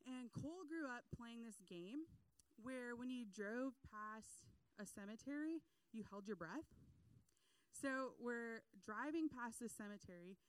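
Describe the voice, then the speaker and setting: Young woman preacher, smooth clear voice, dry close sound, lively storytelling delivery. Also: on the high side, measured pace, dry recording, low-quality recording. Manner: animated storytelling with acted quotes and laughs. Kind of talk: casual sermon.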